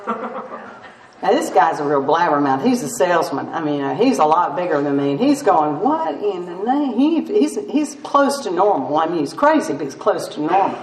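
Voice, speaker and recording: A woman's voice: lowish voice, very animated, moderate pace. An older woman speaking at a recovery meeting, telling her story with self-mocking humor and laughs. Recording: roomy distant mic with faint noise.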